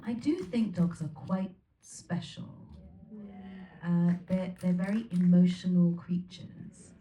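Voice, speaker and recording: Low-voiced woman answering on a theater stage. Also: slow pace, dark tone. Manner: earnest and reflective, laughs easily. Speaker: featured guest in a Q&A. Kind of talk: onstage Q&A answers. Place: theater stage before an audience. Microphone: recorded from the audience, far from the stage. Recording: echoey theater from far off, faint noise.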